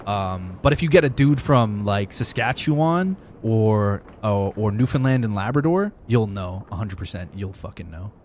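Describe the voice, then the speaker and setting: A man's voice: on the low side, expressive, moderate pace, hardly any pauses, a little mellow. A young male game streamer from Southern Ontario, speaking with a Southern Ontario Canadian accent. He rambles casually and curses freely while answering his chat, with a faint hiss of noise underneath. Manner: rambling, profane, talks directly to chat. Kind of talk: casual livestream chat with viewers.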